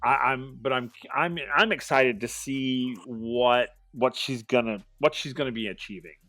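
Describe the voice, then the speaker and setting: A man's voice: mid-range voice, bright, forceful tone, no room sound, faint music behind. A man co-hosting a wrestling podcast who rambles and restarts his sentences as he gives his opinions. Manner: rambling, halting, many restarts. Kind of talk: casual chat.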